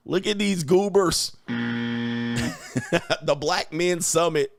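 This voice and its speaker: Male host, AAVE, mocking trash talk, slightly high voice, dry sound. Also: slow, gravelly, pauses often, no echo. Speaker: show host. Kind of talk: casual commentary monologue.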